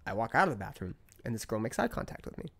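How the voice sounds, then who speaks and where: A man in his thirties, a podcast guest telling a story in casual chat, talking heatedly and swearing, his pitch climbing when he gets worked up. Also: sing-song, racing, gravelly, crowd noise. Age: 30s.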